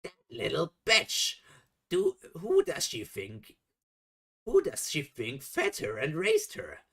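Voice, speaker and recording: A man voicing an enraged, tantrum-prone pirate matriarch who rants and shrieks in a high-pitched voice. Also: wildly swooping pitch, moderate pace, vocal fry, a bit bright, exaggerated voice. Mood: furious. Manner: shrieking, ranting.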